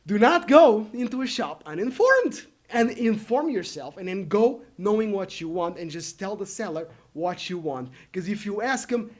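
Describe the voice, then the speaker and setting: A vlogger tells his viewers a rant story in an animated way, acting out the people he quotes. His voice sits high, and he talks at a normal speed with few pauses.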